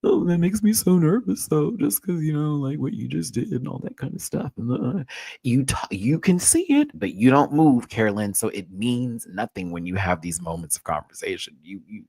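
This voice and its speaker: Animated, profane man ranting a TV recap. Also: medium pitch, moderate pace, vocal fry, husky, no room sound. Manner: animated, profane, swings between loud outbursts and muttering. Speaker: show recap host. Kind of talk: casual TV recap rant.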